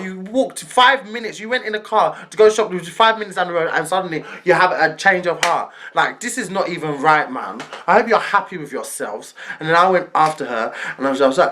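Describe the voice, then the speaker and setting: A woman vlogger telling a storytime, animated and laughing as she acts out the other people. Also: on the low side, fairly quick, few pauses, a little hiss or hum. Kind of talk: storytime narration.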